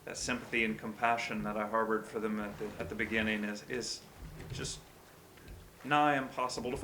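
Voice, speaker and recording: A man talking through a video game as he plays, mostly murmured, self-deprecating musing that breaks into startled yelps. His voice sits at an ordinary middle pitch. Game ambience plays clearly underneath him. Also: fairly quick, bright, forceful tone, slight background noise. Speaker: let's-play host. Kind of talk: gameplay commentary.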